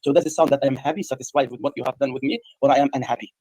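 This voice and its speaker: Fast, husky man pressing questions. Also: mid-range voice, fairly even intonation, dark tone, dry recording, rough recording. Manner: presses with repeated pointed questions. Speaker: debater. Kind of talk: debate questioning from a played clip.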